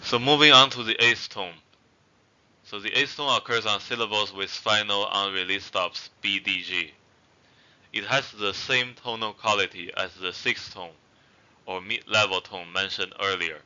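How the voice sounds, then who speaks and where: A man with a lowish, very bright and smooth voice teaches a language lesson at an unhurried pace. He explains patiently with fillers and says each example word twice for learners. The recording sounds dull and lo-fi.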